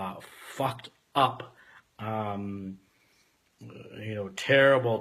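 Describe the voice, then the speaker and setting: Man in his forties, bright forceful tone, candid storytelling, profane, loud-to-quiet swings. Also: medium pitch. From Canada.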